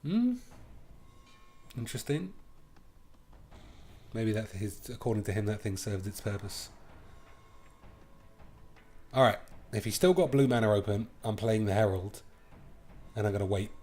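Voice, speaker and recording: Lowish-voiced man, gaming host, cheeky and crude, thinking out loud through a card match. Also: moderate pace, pauses often, soft background music. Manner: playful and crude, thinking aloud. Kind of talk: live card game commentary.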